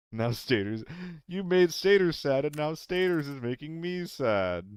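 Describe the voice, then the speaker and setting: A man's voice: on the high side, animated, slow pace, darkish tone, clear, resonant tone, no room sound, studio quality. Playful young man streaming a game. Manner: playful, apologetic, laughs often. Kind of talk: casual live-stream chat with viewers.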